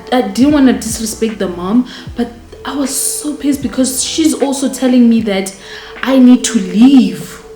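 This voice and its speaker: A young woman telling a storytime vlog, animated and indignant, talking straight to her viewers. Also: on the high side. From South Africa. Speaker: vlogger. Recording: echoey room with faint music.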